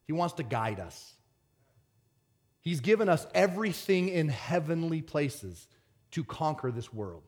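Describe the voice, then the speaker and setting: Fiery preacher man, loud and earnest. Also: fairly high pitch, measured pace, breathy edge. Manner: swings from shouted excitement to quiet earnest talk. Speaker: pastor. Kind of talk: sermon.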